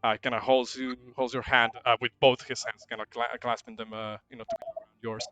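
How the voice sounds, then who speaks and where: A man's voice: mid-range voice, level tone, brisk, sharp tone, muffled recording, soft background music. A man narrating a tabletop game as game master, rambling and hesitant with many restarts.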